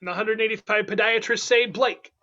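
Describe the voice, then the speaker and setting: Host: high, bright-voiced man running an online improv game, playful, dull lo-fi call audio. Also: fairly even intonation. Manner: playful, quick, laughing asides.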